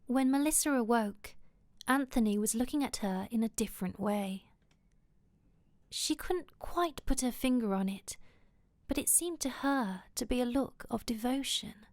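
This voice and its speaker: Female reader, intimate half-whispered romance narration, unhurried, dry. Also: fairly high pitch, animated, a little mellow, dry recording. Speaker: audiobook reader. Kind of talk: romance novel reading.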